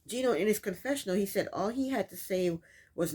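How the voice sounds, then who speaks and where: A woman's voice: lowish voice, big pitch swings, quick pace, darkish tone, slightly rough. A woman hosting a casual recap of a reality show, telling the events in her own words and scolding the people in it. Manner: sassy, scolds the people on screen.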